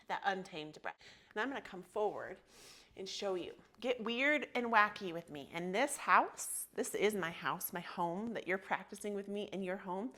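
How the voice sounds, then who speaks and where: A woman's voice: medium pitch, animated, normal speed, sharp tone. A woman in her thirties leading a guided yoga class from her home, soothing and affectionate, with audible sighing breaths between cues. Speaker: yoga instructor.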